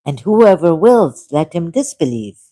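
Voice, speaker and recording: A woman with a low, mellow voice reads a text aloud on her own channel and comments on it. She takes it slowly and deliberately and stops now and then for apologetic asides. The sound is close and dry, from a dim room. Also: very animated, no room sound. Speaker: channel host. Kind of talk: reading aloud and commenting, casual vlog.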